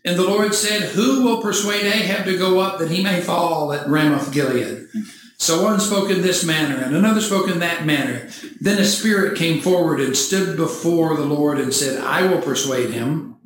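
High-pitched guy giving a sermon, gets lively and jokey, big echo and a bit of hiss. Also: normal speed. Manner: animated, mock-cheering asides. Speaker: preacher. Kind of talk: sermon with scripture reading. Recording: echoey church hall, faint noise.

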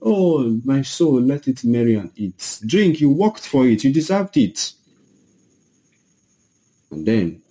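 A man preaching with an emphatic, dramatic delivery. He acts out quoted lines in a raised voice. His voice is mellow and a little husky. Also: mid-range voice, poor audio. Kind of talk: sermon.

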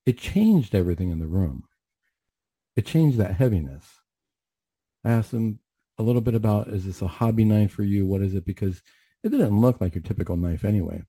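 A man's voice: lowish voice, lively intonation, a little fast, warm tone, breathy edge, no room sound. A man telling a story from his work in mental health, earnest and reflective, acting out his own questions. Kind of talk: storytelling monologue, faith-based talk show.

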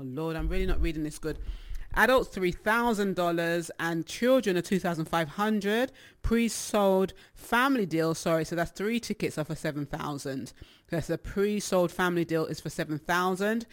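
A young Jamaican woman hosts a casual live stream and sounds a little out of breath. She is chatty and affectionate, greeting viewers by name and laughing easily. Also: on the low side. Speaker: live-stream gospel show host.

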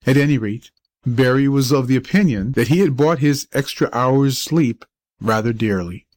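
Measured male audiobook narrator, dry sound. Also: medium pitch, a little mellow, dry recording. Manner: measured storytelling reading. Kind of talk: scripted narration.

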